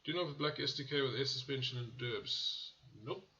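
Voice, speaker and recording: A man's voice: mid-range voice, fairly quick, vocal fry, bright, forceful tone, dull audio. A man hosting a car channel, casually reviewing car ads in a blunt, profane way that often turns into rants. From South Africa.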